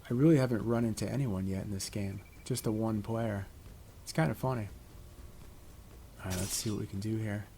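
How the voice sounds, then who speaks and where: This middle-aged gaming YouTuber from Connecticut, USA, has a lowish, warm voice and talks briskly, pausing often. He rambles in a chatty, laid-back way while playing a video game. Background noise comes through clearly in the recording.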